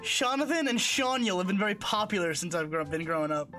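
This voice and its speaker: A man running a tabletop game on a live stream, teasing his players with crude humor. His voice sits high and moves a lot in pitch. Music plays clearly in the background. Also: animated, a little fast. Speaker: game master.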